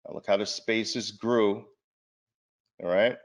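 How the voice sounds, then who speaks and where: A man's voice: fairly low pitch, steady tone, slow. A man giving a market presentation, speaking emphatically and asking the audience rhetorical questions. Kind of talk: trading seminar presentation.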